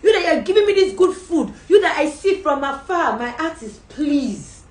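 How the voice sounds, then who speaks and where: A woman voicing an astonished, demanding male king in a high, exclaiming voice. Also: big pitch swings, moderate pace. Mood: incredulous. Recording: roomy sound from a distant mic.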